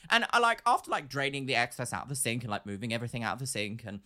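A woman's voice: rumbling low, sing-song, very fast, sharp tone. A woman co-hosting a podcast, chatting casually with playful asides. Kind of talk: casual storytelling chat.

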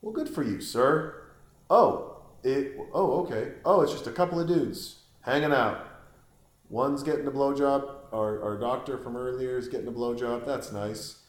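Guy riffing crude jokes over a movie, rambly, squeaks up high now and then, roomy echo. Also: moderate pace. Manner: crude, joking, rambling with sudden high-pitched exclamations. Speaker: commentator watching a film. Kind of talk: casual watch-along commentary.

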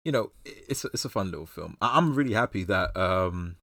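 A man's voice: sits low, animated, fairly quick, a bit bright, no echo, studio quality. A man with a British accent co-hosting a casual film chat, rambling and often restarting his sentences. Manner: rambling, lots of restarts and fillers. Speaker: podcast co-host.

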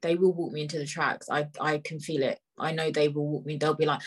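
A woman's voice: sits low, level tone, quick pace, hardly any pauses, slightly rough, poor audio. A woman hosting her own podcast, tired and upset, ranting heatedly in slangy speech and repeating phrases. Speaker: podcast host. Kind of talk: angry ranting monologue.

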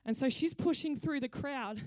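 A woman's voice: high voice, moderate pace, darkish tone, no echo, studio quality. A woman pastor delivering a sermon in a conversational, playful storytelling way. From Australia.

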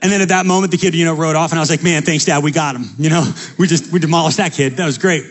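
A young adult male pastor preaching a sermon, telling childhood stories and building to energetic calls to the congregation. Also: on the high side, racing, slightly rough. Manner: energetic storytelling, rising to preaching fervor.

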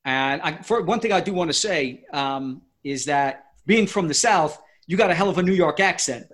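A male podcast host with a fairly high voice works through his questions slowly and hesitantly, circling back and restarting his sentences as he thinks aloud. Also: fairly bright tone. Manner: hesitant, many fillers and restarts. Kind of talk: interview conversation.

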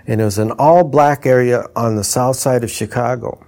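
A man's voice: mid-range voice, normal speed, gravelly. Older man telling stories, mimicking voices. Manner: animated, mimics voices in quoted dialogue. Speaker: retired trumpeter and instrument designer. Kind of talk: anecdotal storytelling.

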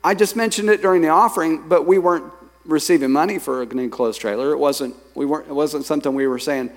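A man preaching a sermon as pastor, lively, reading scripture and telling stories to his congregation. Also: fairly high pitch, fast talker. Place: church sanctuary. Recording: long hall reverb.

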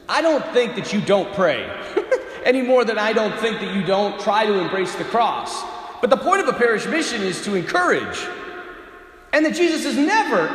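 A priest giving a lively sermon, telling stories and acting out voices, sometimes shouting for emphasis. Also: male voice, sits high. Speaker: priest giving a parish mission talk. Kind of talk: sermon with storytelling. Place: large church with long reverb. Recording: echoey church hall.

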